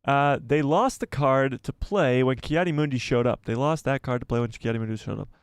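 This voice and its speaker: On a headset mic, a man hosts a laid-back live stream, reading viewer messages aloud, answering people by name, and laughing a lot. His voice is medium-pitched, smooth, and fairly quick, with clean, echo-free studio quality.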